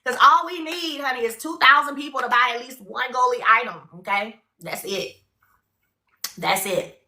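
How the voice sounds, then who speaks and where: An upbeat woman runs a live shopping stream, chatting and urging viewers to buy. Her voice is bright and a bit higher than usual. It is recorded on a phone in an echoey room. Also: normal speed. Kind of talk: live-stream sales pitch.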